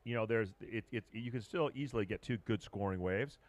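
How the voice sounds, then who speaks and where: Excitable male surf commentator, dry sound. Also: lowish voice, fairly quick, no room sound. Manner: calls big moves with sudden excited shouts. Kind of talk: live sports commentary.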